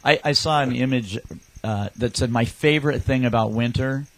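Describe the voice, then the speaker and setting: A man hosting a casual podcast, rambling through anecdotes with restarts and asides. He is from California and keeps an easygoing, conversational flow at an ordinary pitch. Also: normal speed, low-quality recording. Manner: rambling storyteller with frequent restarts. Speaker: podcast host. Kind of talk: casual chat.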